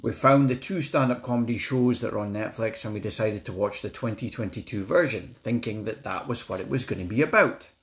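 A man's voice: on the low side, a little fast, hardly any pauses, a bit bright. A Scottish man giving a blunt, outspoken review in a casual vlog, swearing and stumbling over his words as he talks.

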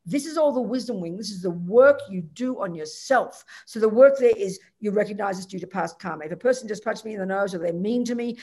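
A woman's voice: mid-range voice, a little fast, few pauses, a little mellow. A woman teaching Buddhist ideas, answering a student directly and emphatically, acting out quoted lines.

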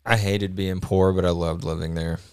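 A man's voice: low-pitched, level tone, moderate pace, a little mellow, clean tone, no echo, clean studio sound. A man who is a guest on a podcast, chatting casually and cracking jokes. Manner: joking, wisecracking interjections. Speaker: guest, old neighborhood friend. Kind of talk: casual chat.

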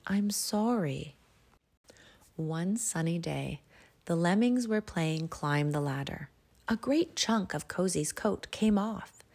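A woman reading a children's storybook aloud in a soft, hushed voice that often drops to a whisper. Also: on the low side, creaky.

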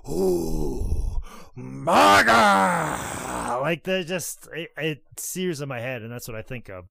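A man in casual podcast chat, telling stories with lots of swearing and acted-out quotes, his voice swinging from loud to soft. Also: mid-range voice, animated, moderate pace, dry recording, clean studio sound. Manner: swears a lot, acts out quotes. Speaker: podcast co-host, former wrestler.

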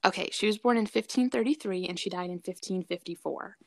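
A woman's voice: fairly low pitch, a little fast, creaky. A woman co-hosting a podcast in casual chat, talking in a hesitant way with many fillers. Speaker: podcast co-host.

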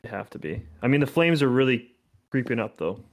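A man's voice: medium pitch, sing-song, fairly quick. Laid-back man in hockey chat. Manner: laid-back, laughs often, hesitant fillers. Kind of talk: casual sports chat.

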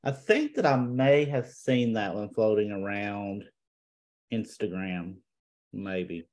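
A man co-hosting a library podcast, reacting and asking questions in a low-key way. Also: animated, slow, darkish tone. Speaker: co-host, primary school librarian. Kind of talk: casual chat.

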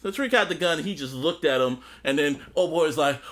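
A man co-hosting a podcast, excitedly retelling a TV episode, acting out lines and laughing often. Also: sits high, brisk, few pauses. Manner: animated, acts out scenes in voices, laughs often. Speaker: podcast co-host. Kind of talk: casual chat recapping a TV episode.

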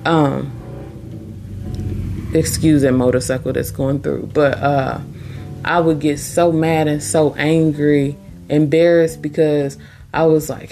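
A woman's voice: low-pitched, flat delivery, takes it slowly, pauses often, warm tone, faint music behind. A woman hosting her own podcast, talking earnestly and emphatically, repeating her key points. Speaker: podcast host. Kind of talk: casual motivational monologue.

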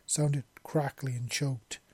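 A man's voice: medium pitch, level tone, unhurried, dark tone, husky, no room sound. A man reading a romance story aloud, with small slips and restarts. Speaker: narrator. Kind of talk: amateur fiction reading.

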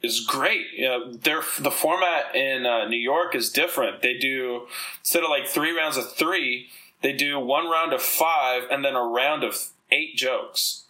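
A man from the Dominican Republic chats on his podcast in a bright, forward voice. He tells rambling, profane stories full of fillers, with plenty of animation. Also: medium pitch, a little slow, poor audio. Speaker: podcast host. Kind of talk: casual chat.

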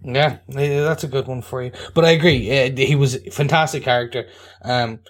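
A man's voice: mid-range voice, steady tone, normal speed. Chatty, joking male podcast co-host. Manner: chatty and joking, with stammered restarts. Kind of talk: casual podcast chat.

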